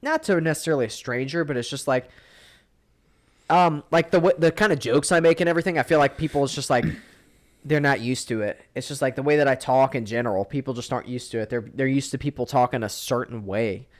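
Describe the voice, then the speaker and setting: A man's voice: mid-range voice, fast. Blunt, profane young man chatting. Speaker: podcast co-host. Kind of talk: casual chat.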